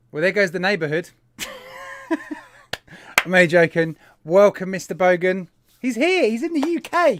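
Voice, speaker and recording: A man's voice: on the high side, no echo. A man hosting a live stream, chatting in a casual, upbeat way and greeting viewers one by one. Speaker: host of a vaping live stream.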